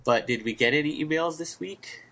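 A man's voice: fairly high pitch, normal speed, bright, forceful tone. Teasing male podcast co-host. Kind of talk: casual chat.

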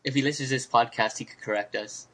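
A man's voice: mid-range voice, fairly even intonation, fast, bright, forceful tone. A man co-hosting a podcast in casual chat, with dry teasing banter. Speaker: podcast co-host.

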